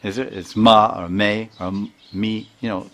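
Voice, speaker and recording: Older man, low voice, informal spiritual talk, frequent chuckles, halting repetitions. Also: level tone, a bit bright. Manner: chuckles often, repeats and sounds out words. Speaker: spiritual teacher.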